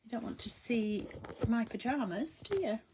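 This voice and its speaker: A woman's voice: on the high side, normal speed, background noise. A woman chatting casually on a craft livestream from her studio, giggling and greeting viewers by name. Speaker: craft live streamer. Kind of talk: casual live-stream chat.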